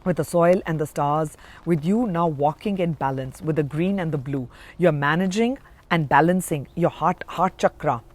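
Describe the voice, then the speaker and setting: A woman giving a spiritual card reading to camera, speaking slowly and warmly with affirming, emphatic rises. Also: sits low. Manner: slow, dreamy, affirming delivery with emphatic rises. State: emotional, near tears. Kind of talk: intuitive tarot reading to camera.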